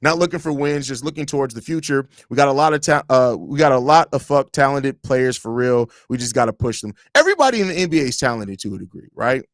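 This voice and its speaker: A man with a Chicago accent hosting a live podcast stream, reading chat comments and ranting in a blunt, profane, animated way. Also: mid-range voice, fast, few pauses, no room sound, clean studio sound.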